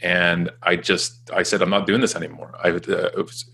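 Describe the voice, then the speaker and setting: Gravelly low-voiced man telling stories. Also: little pitch movement, normal speed, sharp tone, slight background noise. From Canada. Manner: chatty, self-deprecating, acts out quoted dialogue. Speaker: guest. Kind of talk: casual storytelling interview.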